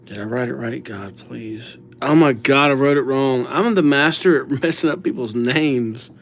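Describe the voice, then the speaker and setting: A man's voice: medium pitch, normal speed, vocal fry. A young man chatting casually with viewers during a live calligraphy stream, reading names aloud and joking at his own mistakes. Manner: chatty, self-mocking, reads viewer names aloud, acts out little scenes. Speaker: livestream calligrapher. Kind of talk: casual livestream chat with viewers.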